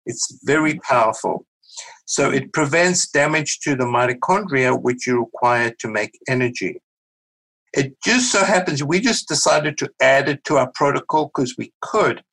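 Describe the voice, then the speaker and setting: A middle-aged man with a South African accent speaks as a guest physician. He explains things in a measured, careful way, with small restarts. His voice sits at an ordinary middle pitch. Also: expressive, creaky, fairly bright tone, poor audio. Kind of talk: podcast interview, explaining.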